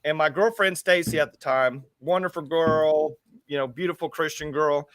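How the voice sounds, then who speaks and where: A man's voice: on the high side, fairly even intonation, moderate pace, fairly bright tone, no room sound. A man from the US co-hosting a casual talk show, rambling and repeating words as he thinks aloud. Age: adult with school-age kids. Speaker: show co-host.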